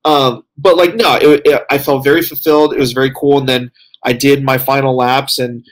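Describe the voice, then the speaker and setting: A man of middle pitch co-hosting a casual talk show, tired after a long day. He rambles in loose, filler-heavy sentences, circling back as he tells his story. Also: steady tone, brisk. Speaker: co-host reporting from a convention. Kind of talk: casual podcast chat.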